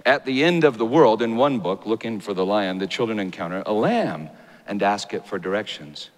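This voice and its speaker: A man preaching a sermon, dramatic and rising to loud high peaks. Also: animated, normal speed. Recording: long hall reverb.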